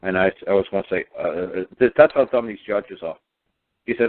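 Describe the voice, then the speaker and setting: A man's voice: sits low, a little fast, slight background noise. A man talking in a casual radio conversation, emphatic and sarcastic, repeating his points over and over. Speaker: guest speaker on law. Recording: tinny phone line.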